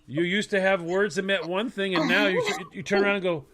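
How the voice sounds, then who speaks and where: A man's voice: sits high, steady tone, a little fast, hardly any pauses, fairly bright tone. A man co-hosting a podcast, talking in playful, rambling casual banter. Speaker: podcast co-host.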